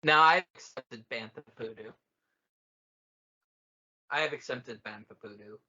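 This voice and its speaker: A man's voice: mid-range voice, unhurried, sharp tone, highs cut off. A man co-hosting a podcast, chatting casually and jokingly over a film, swearing often. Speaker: podcast co-host. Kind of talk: casual film commentary chat.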